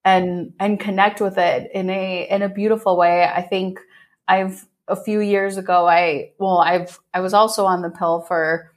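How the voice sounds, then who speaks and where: A woman podcast host in an easygoing interview, her voice sitting at an ordinary middle pitch. She talks in an animated, effusive way, laughs often, and swears casually. Her tone stays loose and chatty. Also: measured pace.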